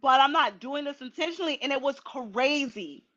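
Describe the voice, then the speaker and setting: A woman hosting a casual livestream, chatty and animated, talking straight to her viewers. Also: high-pitched, moderate pace, highs cut off. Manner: chatty, animated, laughing asides. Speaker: livestream host.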